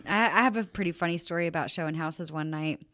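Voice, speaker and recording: A woman's voice: on the low side, fast talker, fairly bright tone. A woman, the show's producer, casually telling a short story with easy humor. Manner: easygoing, laughs lightly while telling a story. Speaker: podcast producer. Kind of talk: casual anecdote.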